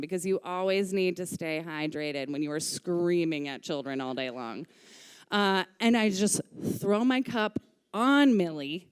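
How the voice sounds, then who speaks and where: A woman telling a personal story live on stage into a microphone, candid and lively, swearing casually. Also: medium pitch, smooth. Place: stage of a live music venue.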